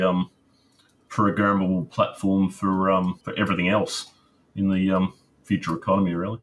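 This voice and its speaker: A man answering interview questions in a measured, explanatory way, with many pauses and ums. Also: low voice. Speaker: guest, crypto miner.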